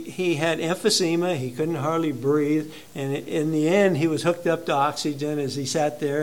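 Folksy preacher with a higher male voice. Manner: conversational and halting, telling a personal story. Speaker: pastor. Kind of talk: sermon.

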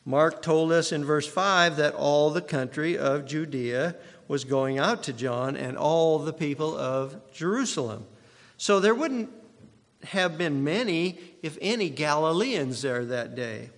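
A man's voice: fairly high pitch, measured pace. A man from Iowa preaching a sermon as pastor, teaching in a conversational, digressive way. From Iowa, USA. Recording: long hall reverb.

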